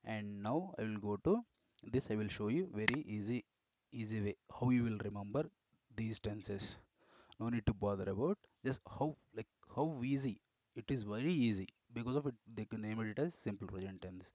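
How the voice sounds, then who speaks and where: A man's voice: medium pitch, expressive, normal speed, muffled recording, slight background noise. Repetitive man teaching grammar. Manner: repetitive, self-correcting, explains step by step. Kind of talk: screen-recorded grammar lesson.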